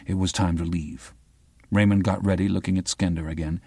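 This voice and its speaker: A man narrating a crime novel as an audiobook in an even, unhurried way. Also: sits low, slightly rough, dry recording, clean studio sound. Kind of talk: scripted narration.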